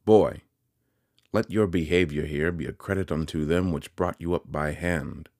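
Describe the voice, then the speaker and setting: A man's voice: extremely low pitch, moderate pace, no room sound, clean studio sound. A man voicing a pompous middle-aged tradesman who lectures and drills sums. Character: pompous middle-aged male corn merchant.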